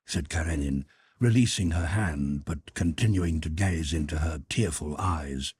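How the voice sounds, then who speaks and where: A man narrating a classic novel in a measured, calm manner. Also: rumbling low, husky. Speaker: audiobook narrator. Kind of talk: scripted narration.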